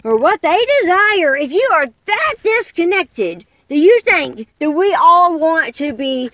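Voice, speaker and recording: High-pitched woman, swooping lively delivery, exasperated and emphatic, dull lo-fi recording. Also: unhurried, no echo. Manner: exasperated, emphatic, rhetorical questions. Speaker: caller addressing unseen listeners. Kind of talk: impassioned monologue.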